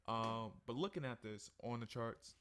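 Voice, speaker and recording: A man's voice: mid-range voice, moderate pace, smooth. A tired man going over his trading charts in a casual weekly review, yawning between points. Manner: tired, yawning, relaxed and conversational. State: sleepy. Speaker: forex trading analyst. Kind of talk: casual screen-share market review.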